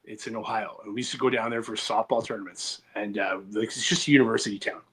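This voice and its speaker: A man's voice: on the low side, steady tone, quick pace, fairly bright tone, breathy edge. A man hosting a comedy podcast, rambling through anecdotes with restarts and acted quotes. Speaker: podcast host. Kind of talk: casual comedy podcast storytelling.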